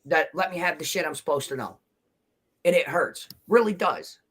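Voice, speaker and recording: Man, fairly high and bright, defensive panel guest, emotional and rambling. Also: expressive, normal speed, breathy edge. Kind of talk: heated livestream argument.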